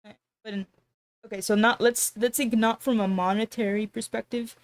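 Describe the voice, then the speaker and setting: A woman's voice: on the high side, steady tone, fairly quick. Sarcastic woman streamer, casual chat. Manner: rambling, sarcastic, trails off mid-sentence.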